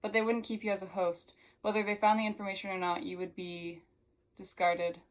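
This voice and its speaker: A woman reading aloud as a gentle alien woman inside a human body, talking calmly and wistfully. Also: medium pitch, fairly quick, lightly acted.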